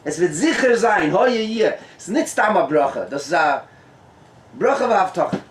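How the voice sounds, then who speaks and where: A man, a rabbi, giving a lively Torah talk at a gathering, mixing in Hebrew and Yiddish terms and laughing often. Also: high voice, moderate pace. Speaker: rabbi, guest speaker. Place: tent. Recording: echoey and distant room sound.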